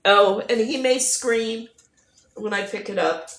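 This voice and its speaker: A woman hosting a livestream, chatting casually with viewers in a rambling way, her voice hoarse and going. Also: fairly high pitch, slow, fairly bright tone. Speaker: livestream host. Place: at home.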